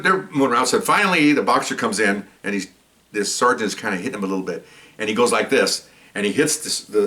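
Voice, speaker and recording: Lively man telling police stories. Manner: acts out the people in his story with jumps in pitch. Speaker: police story teller. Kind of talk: casual spoken storytelling. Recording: voice a bit far from the mic.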